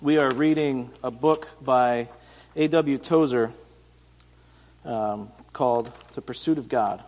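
A man's voice: medium pitch, slow, a little mellow. A man giving a casual, conversational sermon, retelling Bible stories in everyday speech. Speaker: pastor and teacher. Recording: reverberant hall.

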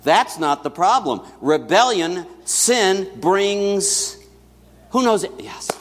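A man's voice: high-pitched, animated, slow. A man preaching a sermon to his congregation in a conversational style, with asides to the people in the room. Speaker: pastor. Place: church sanctuary. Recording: long church reverb.

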